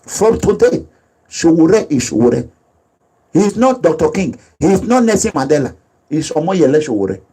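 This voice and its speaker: A man's voice: a little high, big pitch swings, normal speed, dark tone, slightly rough, low-quality recording. A man with a Nigerian accent giving emphatic, repetitive, preachy commentary as a political activist. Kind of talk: impassioned commentary over video.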